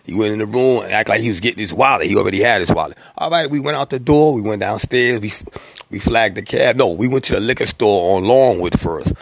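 Gravelly streetwise man spinning a tale. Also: lowish voice, animated, fast talker. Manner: slangy, profane, streetwise delivery; acts out quoted voices. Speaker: rapper telling an industry story. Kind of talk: casual anecdotal storytelling.

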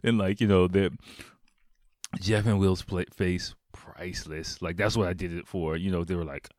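A man's voice: deep voice, fairly even intonation, normal speed, a little mellow, dry recording, studio quality. A man casually telling a funny story, laughing often, acting out quotes and swearing freely. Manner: swears a lot.

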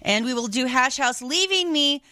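A woman hosting a radio call-in show, brisk, cheerful and friendly as she takes callers' orders. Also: sits high, animated, sharp tone, no echo, clean studio sound. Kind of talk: upbeat on-air call-taking. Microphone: studio microphone.

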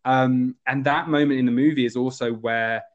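A man casually discussing a film as a podcast co-host, animated and full of fillers. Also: normal speed, muffled recording. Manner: animated, jumps to high voices when quoting characters.

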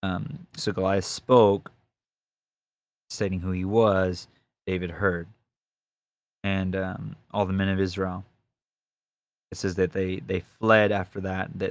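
A man's voice: low voice, no room sound. A man teaching the Bible informally, earnest and rambling, with many restarts and asides. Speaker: Bible study podcast host.

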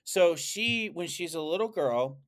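A man's voice: fairly high pitch, unhurried. A man co-hosting a podcast in casual chat, telling rambling stories with lots of swearing and fillers. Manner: animated, profane, rambling storyteller. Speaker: podcast co-host.

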